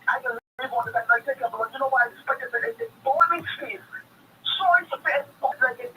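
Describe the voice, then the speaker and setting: Bahamian caller going off, high bright voice, far off the phone with some hiss. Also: male voice, big pitch swings, fairly quick. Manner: heated, repetitive, street-talking. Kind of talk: impassioned call-in rant.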